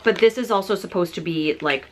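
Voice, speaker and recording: A woman in her thirties chatting breezily to camera as a beauty vlogger, full of "like" fillers and soft asides. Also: lowish voice, a little fast, slight background noise. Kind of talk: casual chat showing products.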